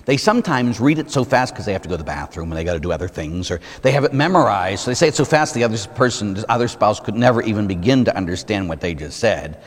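Priest in the pulpit, middle-aged man, animated delivery, rhetorical questions, voice rings in a long church reverb. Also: on the low side, fast, hardly any pauses. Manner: conversational preaching with rhetorical questions and acted-out examples. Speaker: Catholic priest. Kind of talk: sermon.

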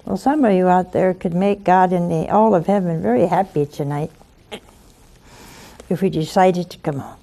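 A woman's voice: on the low side, fairly even intonation, normal speed, warm tone. A woman preaching a conversational sermon and hosting a call-in show, pleading and coaxing, with rhetorical asides to her listeners.

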